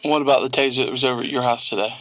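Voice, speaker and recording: A man's voice: medium pitch, fairly even intonation, rapid-fire, a bit bright, rough recording. A man interrogating a witness with pressing, skeptical questions. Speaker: police investigator.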